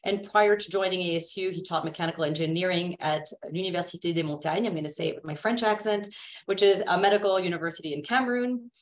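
Woman, webinar moderator, lowish voice, friendly and loose delivery. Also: fast talker. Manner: friendly, with fillers, introducing speakers.

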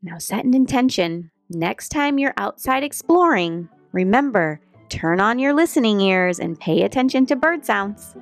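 A woman teaching a children's lesson about birds, speaking cheerfully and clearly to young kids. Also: medium pitch, a little slow, few pauses, no echo, faint music behind. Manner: soft, calming guided breathing. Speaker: kids activity instructor.

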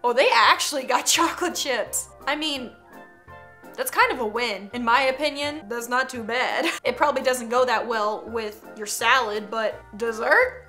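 A woman's voice: on the high side, unhurried, sharp tone, faint music behind. A woman hosting a casual reaction video, laughing often between lines and reacting with exaggerated disgust. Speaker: YouTube host.

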